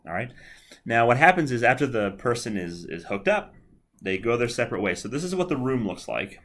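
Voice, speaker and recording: A psychology lecturer speaks conversationally in a recorded video lecture, often repeating himself and checking in with "all right." His mid-range voice is sing-song and fairly bright, and he talks fairly quickly.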